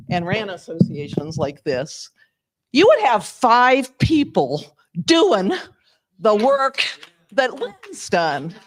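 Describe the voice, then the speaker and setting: An older woman giving an informal speech at an awards ceremony. She speaks haltingly, jokes at her own expense and laughs between phrases. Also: medium pitch, rough recording. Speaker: award presenter. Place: live awards event.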